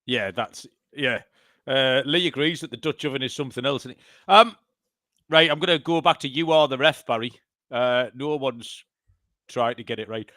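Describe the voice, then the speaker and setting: A man's voice: mid-range voice, normal speed, pushed and bright, no room sound, clean studio sound. A man co-hosting a betting podcast in casual chat, joking and swearing. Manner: swears, laughs often, jokey. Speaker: podcast co-host.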